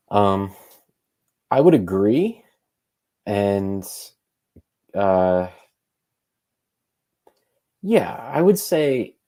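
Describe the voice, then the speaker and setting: Man, very low pitch, mellow tone, relaxed podcast co-host who thinks out loud. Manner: thinks aloud, loose and conversational. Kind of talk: casual podcast chat.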